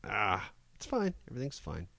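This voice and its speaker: A man's voice: fairly low pitch, huge pitch swings, moderate pace, creaky. A man co-hosting a live stream, chatting casually in a loose, joking way with some swearing. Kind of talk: casual banter.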